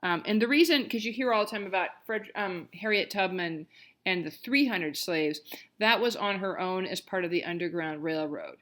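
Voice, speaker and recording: A woman giving a recorded college history lecture, talking conversationally with lots of fillers, restarts and animated emphasis. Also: fairly low pitch, moderate pace.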